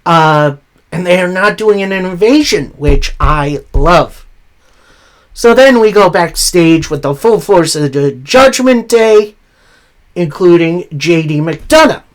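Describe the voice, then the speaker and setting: Slow-talking man recapping wrestling casually. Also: high-pitched, expressive. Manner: unhurried play-by-play retelling with frequent filler pauses. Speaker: wrestling show recap host.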